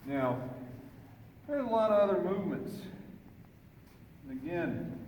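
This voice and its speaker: A man training a horse, giving calm running commentary and soothing praise. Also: on the high side. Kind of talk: training demonstration. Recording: echoey arena, far from the mic, ambient noise.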